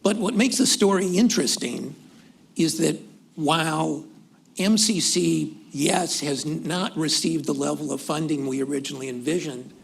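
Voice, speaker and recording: Man, former official on a panel, gravelly and husky, measured delivery. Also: a little high. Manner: measured, deliberate delivery with occasional restarts. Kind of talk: panel discussion remarks. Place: conference hall event.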